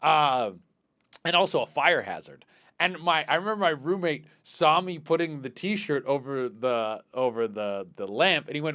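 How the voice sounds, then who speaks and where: A young man hosting a comedy podcast, telling crude rambling stories and swinging between loud bursts and mutters. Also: fairly high pitch, lively intonation, normal speed. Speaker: podcast host. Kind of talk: casual comedic storytelling.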